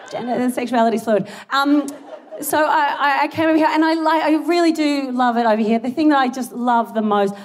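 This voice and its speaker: A young Australian woman doing a rambling, self-deprecating stand-up set on a big theatre stage, giggling between jokes. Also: high-pitched. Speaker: stand-up comedian. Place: large theatre stage before a live audience. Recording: live theatre recording with audience noise.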